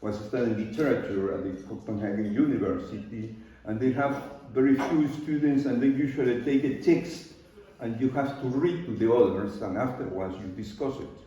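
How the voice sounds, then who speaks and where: An older Peruvian man with a Spanish-accented voice talks to an audience at an easy pace, pausing often with loose grammar. His voice is mellow and low in brightness. It is heard from across a very echoey studio, with a slightly dull sound. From Peru. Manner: unhurried, loose grammar, pauses and fillers. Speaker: artist giving a talk. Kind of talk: live talk to an audience. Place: large art studio. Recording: very echoey room from far off, dull.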